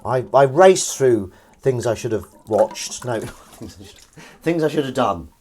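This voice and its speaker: A man rambles and teases in a relaxed, chatty way as he does the washing up on a live stream. His voice sits at a middling pitch. Clearly audible running water and clattering dishes fill the background of the kitchen. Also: takes it slowly, a little hiss or hum. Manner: rambling, chatty, teasing, talks to chat while doing chores. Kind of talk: casual live-stream chat.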